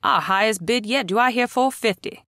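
Woman performs booming male auctioneer, drawn-out bid calls, dry read. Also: fairly bright tone, no room sound, close to an everyday voice. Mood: hearty, calling bids. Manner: booming, drawn-out calling of bids.

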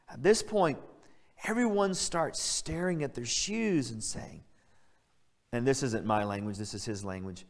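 A man's voice: mid-range voice, expressive, moderate pace. A male pastor preaching a sermon, earnest and emphatic, stressing key words as he builds his point. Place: church sanctuary. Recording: church hall reverb.

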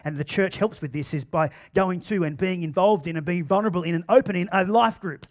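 A man with an Australian accent preaching a sermon in a church, swinging between loud emphatic bursts and quiet asides. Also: sits high, a little fast. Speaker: pastor. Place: church auditorium.

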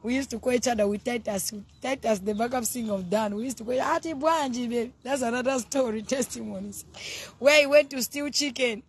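Woman, southern African, live-stream preacher; husky, exuberant, chatty with her viewers. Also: a little high, fairly quick. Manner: exuberant, loud bursts, laughing, greets viewers by name. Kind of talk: casual sermon on a live stream.

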